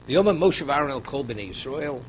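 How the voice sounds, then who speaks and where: A man's voice: mid-range voice, expressive, moderate pace. A man teaching a Torah class as a rabbi, who reads verses and explains them in English with pointed rhetorical questions. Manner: voice rises and drops sharply for emphasis. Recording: dull lo-fi recording, faint noise.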